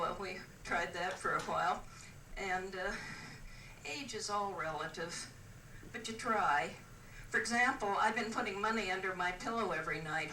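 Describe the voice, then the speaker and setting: Telling jokes as a cruise stand-up comic, this older woman from the West Coast has a dry, halting delivery peppered with "uh"s. Her lowish voice is bright and forceful, recorded from a distance in a roomy space with ambience and a little hiss or hum.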